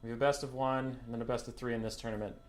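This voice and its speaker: A man's voice: mid-range voice, little pitch movement, very fast. A man hosting a game tournament on a late-night home stream, tired but chatty, swearing casually. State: sleepy. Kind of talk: casual live-stream chat. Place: home at his desk at night.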